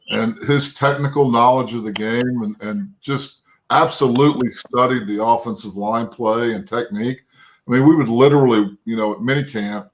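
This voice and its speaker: A man's voice: medium pitch, a little hiss or hum, rough recording. Folksy storytelling man from Texas. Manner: folksy, rambling anecdotes with frequent "right?" and "you know". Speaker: guest, former pro football lineman. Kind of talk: interview storytelling.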